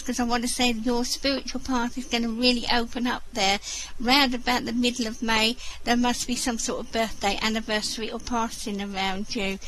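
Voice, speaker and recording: A woman's voice: fairly high pitch, slight background noise, low-quality recording. A woman medium giving live spiritual readings in an online voice chat. She keeps checking in with the person she is reading for. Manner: warm, repeatedly checks in with the sitter. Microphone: computer mic in an online voice chat room.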